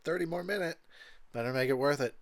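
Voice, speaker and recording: A man's voice: fairly high pitch, quick pace, no echo. A tipsy man giving rambling, crude commentary over a movie, laughing often. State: tipsy from drinking. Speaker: commentary host.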